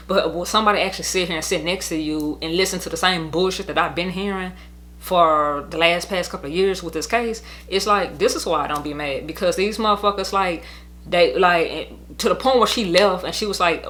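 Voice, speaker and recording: A woman's voice: fairly low pitch, a little fast, a bit bright. A young woman telling her custody story in a casual storytime monologue, blunt, heated and profane, rambling as she goes.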